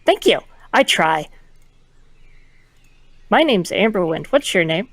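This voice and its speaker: A tiny, eager druid chirps in a bright, excited voice, as a woman puts her on. The sound is dry and close, with no room around it. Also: medium pitch, slow pace, no echo, exaggerated voice. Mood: cheerful.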